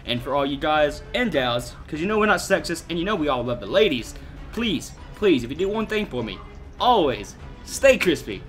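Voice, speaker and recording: A man's voice: fairly high pitch, big pitch swings, brisk, fairly bright tone, faint music behind. A young man hosting a gaming channel, giving casual, jokey, profane gameplay commentary to his viewers.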